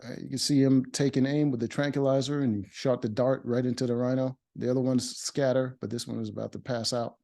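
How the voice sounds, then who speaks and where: Mellow-voiced man recapping a reality show. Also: medium pitch, flat delivery, a little fast, gravelly, few pauses. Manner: blunt and opinionated, many fillers and restarts. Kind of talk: casual recap commentary.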